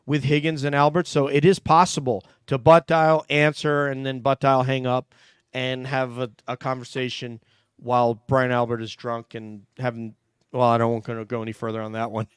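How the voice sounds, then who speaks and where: A man's voice: mid-range voice, little pitch movement, normal speed, clear, resonant tone, no room sound, clean studio sound. A man hosting a casual livestream panel, reading out viewer donations in a chatty, joking way. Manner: chatty, jokey, thanks viewers warmly. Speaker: host reading super chats.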